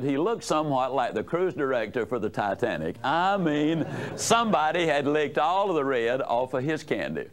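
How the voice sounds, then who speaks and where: A man giving a motivational lecture to a live audience, folksy and humorous, telling stories and asking the room questions. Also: fairly high pitch. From United States. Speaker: motivational speaker.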